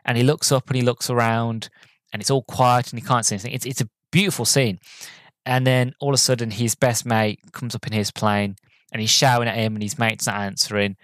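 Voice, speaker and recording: A young man talks casually on his podcast, rambling through his thoughts on a film. He restarts sentences often and fills gaps with ums. His mid-pitched voice is recorded dry, with no room sound. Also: fairly even intonation, brisk, a bit bright, no room sound. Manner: rambling, with frequent restarts and fillers; acts out quoted characters in a raised voice. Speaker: podcast host reviewing films. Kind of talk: casual solo podcast talk.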